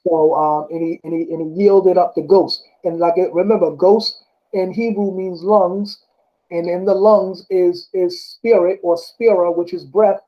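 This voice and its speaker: A man with a rather high voice talks loosely about scripture. He stops to read verses slowly and often corrects himself mid-thought. The recording sounds dull and lo-fi. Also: fairly even intonation. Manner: rambling, self-correcting, often asks "you know what I'm saying?". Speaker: speaker discussing scripture. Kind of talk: casual religious talk, reading verses aloud.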